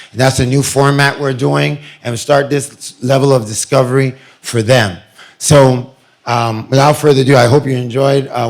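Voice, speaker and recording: Animated joking man addressing a meeting. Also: medium pitch. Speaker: community organization presenter. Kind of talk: public meeting presentation. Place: meeting room with audience.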